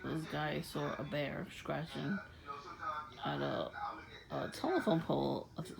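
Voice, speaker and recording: Gravelly-voiced woman laughing through a rambling story. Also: deep voice, a little slow, crowd noise, rough recording. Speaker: vlogger. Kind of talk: casual monologue to camera. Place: outdoors at night.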